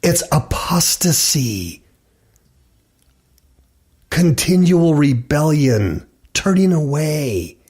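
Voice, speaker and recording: Slow, animated male preacher. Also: on the high side, breathy edge. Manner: slow, emphatic delivery, repeating words for effect. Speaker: preacher hosting a religious talk show. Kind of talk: preaching and reading scripture aloud.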